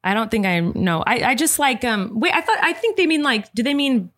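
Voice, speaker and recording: Woman podcast host, gushy, lots of oh my gosh, bright punchy voice. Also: on the high side, lively intonation, fairly quick. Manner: gushing, exclamatory. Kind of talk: casual chat.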